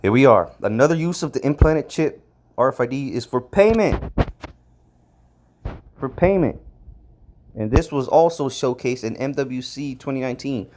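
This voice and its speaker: A man's voice: mid-range voice, a little fast, a little hiss or hum. Guy rambling through a bible word study, keeps saying all right, gets more worked up as he goes. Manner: repetitive, rambling, frequent "all right?" checks; grows emphatic and excited while reading out definitions. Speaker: religious video commentator. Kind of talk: casual Bible study commentary.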